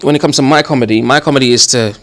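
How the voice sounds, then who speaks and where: A man's voice: mid-range voice, racing, a bit bright. A young man, a comedian talking earnestly in a casual interview. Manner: earnest, conversational, with fillers. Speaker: comedian guest.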